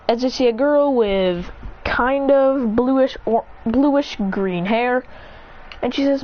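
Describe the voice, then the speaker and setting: A woman's voice: on the high side, slow pace. A woman casually narrating an improvised story, rambling and correcting herself as she acts out the characters' lines. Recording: dull lo-fi recording with faint noise.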